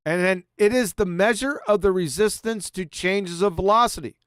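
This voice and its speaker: A man's voice: sits high, moderate pace, fairly bright tone, smooth, no room sound, studio quality. A man giving a mocking, profane presentation over slides, sarcastically addressing an absent author as he goes. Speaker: video presenter.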